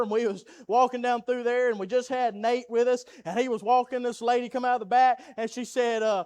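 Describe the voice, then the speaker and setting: High-voiced Southern preacher. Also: male voice, fairly even intonation, fast talker. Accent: Southern American. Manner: swings from quiet storytelling to loud pleading preaching. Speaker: pastor. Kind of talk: sermon. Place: church sanctuary.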